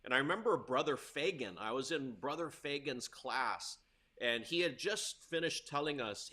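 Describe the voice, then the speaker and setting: Animated man telling school stories. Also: medium pitch, moderate pace. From Hawaii. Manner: animated storyteller, laughs often, rising loud in tense moments. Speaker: guest, tennis coach. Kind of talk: storytelling interview.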